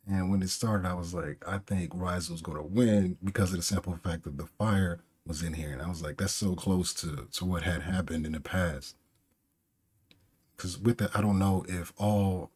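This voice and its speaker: Man, reaction host, casual commentary, low-pitched, husky, chatty. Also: darkish tone. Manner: chatty, laughs often, restarts words. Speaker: manga reaction channel host.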